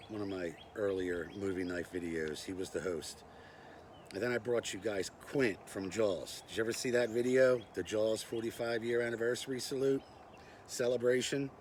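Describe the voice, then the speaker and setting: A man's voice: fairly low pitch, a little hiss or hum. An older man hosting a casual knife and gear review vlog, chatty and self-deprecating with lots of "uh" and "anyway.". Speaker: knife review channel host.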